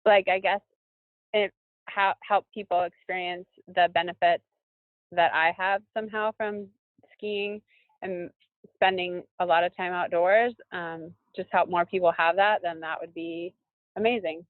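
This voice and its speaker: A woman's voice: fairly low pitch, fairly even intonation, unhurried, no room sound. Woman guest over a tinny line. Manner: thoughtful, searching for words with many fillers. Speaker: professional skier guest. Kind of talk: casual interview conversation. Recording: dry, tinny phone-like line.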